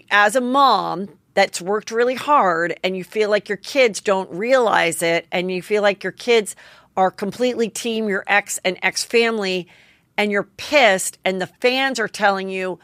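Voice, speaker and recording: A woman's voice: medium pitch, unhurried, fairly bright tone, no echo, studio quality. A woman in her forties hosting a solo gossip podcast, chatty and candid, swearing freely and acting out quotes. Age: 40s. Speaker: podcast host.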